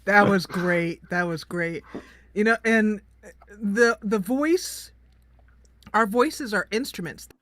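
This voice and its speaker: A woman's voice: medium pitch, slow pace, fairly bright tone, no echo. A woman hosting an online panel, teasing and giggling with her guests. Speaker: panel host. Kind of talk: panel discussion.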